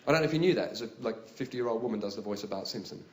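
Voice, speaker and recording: A man doing stand-up comedy, telling a story in an animated, conversational way. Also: fairly low pitch, racing, a little hiss or hum. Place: theatre stage. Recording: echoey live theatre with audience.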